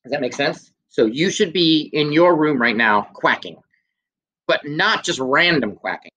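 Filmed on a handheld phone camera, a young man teaches a children's music class over video, playfully sing-song as he gives clues and sings simple songs. His fairly high voice is pushed and bright, with lively intonation at a measured pace, and the sound is lo-fi.

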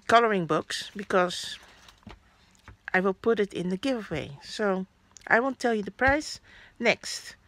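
Woman vlogger, unhurried and rambling, fillers and restarts, dead-dry room. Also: mid-range voice, a bit bright, dry recording. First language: Dutch. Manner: rambling, chatty, frequent fillers and self-corrections. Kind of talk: casual haul vlog.

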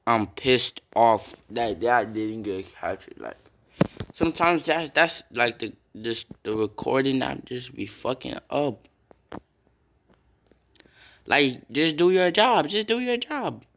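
A young man casually commenting on his own football video game, swearing and breaking into loud yells at big plays. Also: medium pitch, animated, takes it slowly. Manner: reactive, swears often, bursts into loud yells.

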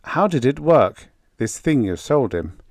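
A man's voice: medium pitch, big pitch swings, unhurried, a little mellow, no room sound, studio quality, voice pushed up. A man voicing a pushy male Earthman in an audiobook, pressing his questions urgently.

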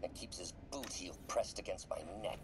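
An actor playing a scheming older male scientist who speaks in a smooth, coaxing way on a recorded message in a video game. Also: low-pitched, expressive, normal speed, music in the background. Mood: bitter. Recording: game audio over stream chatter.

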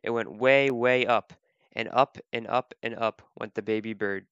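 A man reading a children's picture book aloud as a volunteer, gentle, slow and clear. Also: mid-range voice, steady tone, no echo. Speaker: volunteer reader. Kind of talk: children's storybook read-aloud. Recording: dull, lo-fi dry recording.

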